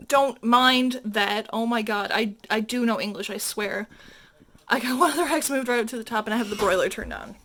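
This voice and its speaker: A woman's voice: fairly high pitch, a little fast, poor audio. A woman vlogging as she cooks breakfast in her home kitchen, chatting casually with self-deprecating asides while holding the camera. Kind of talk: casual cooking vlog narration. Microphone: handheld camera.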